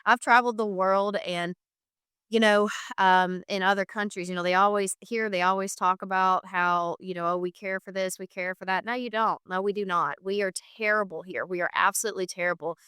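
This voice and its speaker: A woman with a clear, smooth voice talks earnestly in a relaxed podcast chat. She leans on repeated phrases to press her points. The sound is close and dry. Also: mid-range voice, brisk, no room sound. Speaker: guest, founder of an equine therapy charity. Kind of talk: casual podcast conversation.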